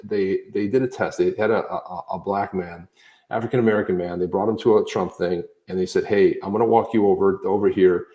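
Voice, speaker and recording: A man's voice: sits low, fairly even intonation, fairly quick, mellow. A man talking in a casual political chat on a podcast, rambling with many restarts and fillers. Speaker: podcast co-host. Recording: roomy echo.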